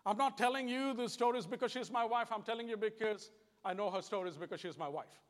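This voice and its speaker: Kiwi guy preaching, fairly high voice, earnest and repeats himself, echoey hall sound. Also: fast. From New Zealand. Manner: earnest, repetitive, plain-spoken. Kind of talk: conversational sermon. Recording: long hall reverb.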